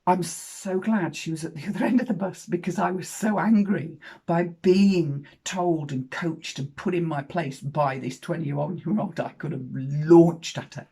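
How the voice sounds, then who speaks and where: A woman in her fifties tells a personal story frankly, swearing and swinging in loudness for emphasis. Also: lowish voice, measured pace, creaky, few pauses, slightly rough. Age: 50s.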